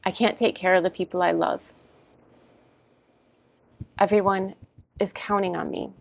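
A woman guiding an EFT tapping session, repeating short first-person statements about stress in a steady rhythm. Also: medium pitch, unhurried, gravelly. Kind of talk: guided tapping, spoken affirmations. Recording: dull lo-fi sound, dry.

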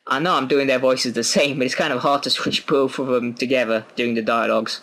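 A man's voice: medium pitch, steady tone, fairly quick, few pauses, fairly bright tone. A British man hosting a let's play, commenting casually with self-mocking asides. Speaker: gaming video host.

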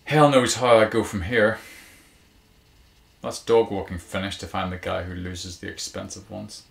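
A down-on-his-luck dog walker, voiced by the male reader, cracks dry jokes and grumbles about his luck. His voice is low and gravelly, close to the reader's own. A roomy echo hangs around it. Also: steady tone, normal speed. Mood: dejected. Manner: wry, joking banter, turning glum.

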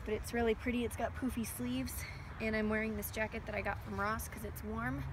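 A woman's voice: on the high side, fairly quick. A young woman in her late teens vlogging on a handheld camera while walking a dog outdoors, rambling anxiously. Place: outdoors on a walk. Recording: outdoor camera audio with steady background noise.

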